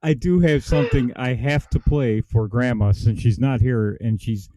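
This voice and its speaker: A man's voice: medium pitch, moderate pace, dark tone. A man hosting a casual livestream chat, jokey and greeting viewers by name. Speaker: host.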